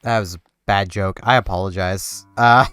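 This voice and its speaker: A man's voice: deep voice, fairly even intonation, moderate pace, a bit bright, clean tone, dry recording, studio quality. A man giving casual let's-play commentary, rambling and talking to himself and to the game as he plays. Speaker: gameplay commentator.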